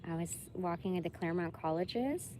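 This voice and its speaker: A woman's voice: fairly low pitch, animated, fairly quick, mellow, a little hiss or hum. A woman vlogger chatting casually to her viewers, swearing freely and breaking into laughter. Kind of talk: casual chat to camera.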